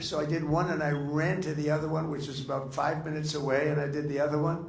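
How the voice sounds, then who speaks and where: A man's voice: fairly high pitch, level tone, quick pace, creaky. Rambling older man, echoey dinner hall. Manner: rambling, anecdotal, boastful, with frequent asides. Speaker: speaker at a political dinner. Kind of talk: off-the-cuff after-dinner remarks. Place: large dining room. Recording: echoey room, faint ambience.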